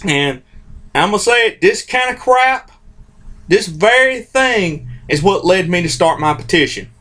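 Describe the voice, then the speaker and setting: High-voiced man on a heated rant. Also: expressive, measured pace, sharp tone. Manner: heated, repetitive, informal, restarts phrases often. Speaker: host of a comics commentary channel. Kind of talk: opinionated vlog rant.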